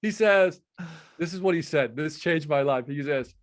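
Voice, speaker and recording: A man's voice: a little high, normal speed. A middle-aged man from Chicago, a sales speaker telling stories in an interview and acting out the dialogue. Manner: animated storytelling, acts out dialogue. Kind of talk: storytelling interview.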